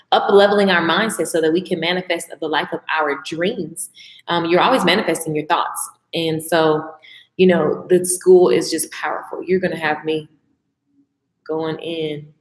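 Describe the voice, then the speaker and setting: A woman's voice: lowish voice, echoey room. A woman, chatting on a livestream and talking straight to her viewers. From American South. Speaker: makeup and mindset coach. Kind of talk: casual livestream chat.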